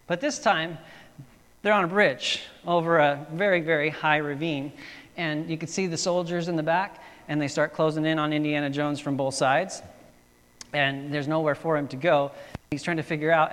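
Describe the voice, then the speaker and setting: A man's voice: a little high, a bit bright. Chatty preaching man in a reverberant hall. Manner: casual storytelling with frequent fillers and restarts. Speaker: pastor. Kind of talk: sermon.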